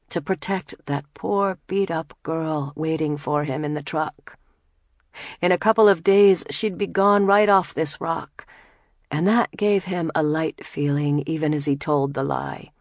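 Low, slow woman narrating a novel. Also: dry recording, clean studio sound. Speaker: audiobook narrator. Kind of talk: scripted narration.

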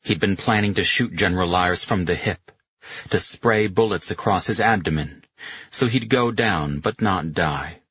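A man narrating an audiobook in a measured, dramatic way. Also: sits low, fairly bright tone, husky, no room sound. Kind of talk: scripted narration. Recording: slightly muffled dry recording.

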